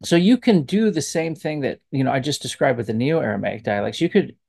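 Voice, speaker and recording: A man, a professor, giving casual spoken commentary on language, relaxed and thinking aloud as he digresses. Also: mid-range voice, fairly quick, creaky.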